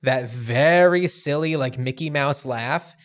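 A man's voice: medium pitch, slow pace. A man in a casual film chat, loose and conversational, with fillers and a curse now and then.

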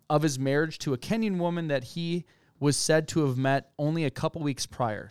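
A man with a clean, resonant voice talks through a true-crime case in loose podcast conversation. He reads from documents and thinks out loud. The sound is dry and close to the mic. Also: a little high, smooth, no room sound. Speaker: podcast co-host. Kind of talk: casual true-crime discussion.

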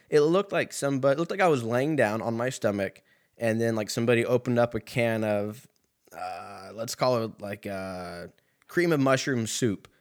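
A young man hosting a podcast, telling a comedic story in a rambling, profane way full of fillers, recorded at a laundromat. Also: medium pitch. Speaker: podcast host.

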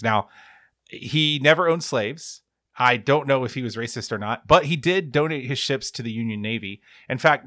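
A man with a medium-pitched voice talks sports in a loose, wry way, doubling back on his own sentences. The recording is dry and close, with no room sound. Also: fairly bright tone, no echo. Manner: chatty, wry, many self-corrections. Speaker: podcast co-host. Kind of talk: casual sports chat.

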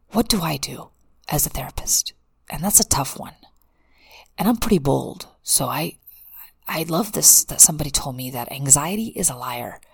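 Low husky woman therapist, casual talk. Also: no room sound, studio quality. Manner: candid, rambling, frequent restarts. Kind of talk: casual monologue.

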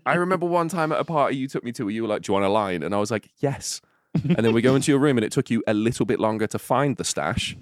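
Male podcast co-host, mid pitch, dry sound, animated storyteller who laughs and swears. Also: fast talker, dry recording. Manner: animated, swearing, laughs often, acts out quotes. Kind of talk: casual chat.

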